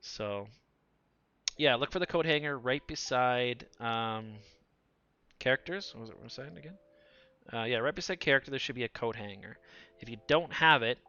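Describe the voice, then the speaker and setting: A man's voice: medium pitch, normal speed, long pauses, sharp tone, clear, resonant tone, lo-fi sound. A man in his forties chatting casually on a live stream; he talks nonstop, laughs a lot, and his voice sounds younger than his age and sometimes cracks. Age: 40s.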